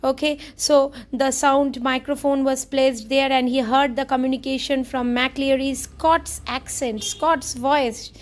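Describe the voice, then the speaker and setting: A woman's voice: high voice, steady tone, a little slow, hardly any pauses. A woman teacher who reads a story aloud and then explains each passage in simpler words. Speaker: English teacher.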